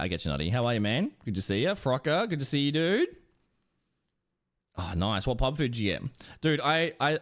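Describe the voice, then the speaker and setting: Young guy streamer, swoops all over in pitch, crude jokey chat with viewers. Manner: animated, crude and joking with chat. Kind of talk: casual live-stream chat while gaming.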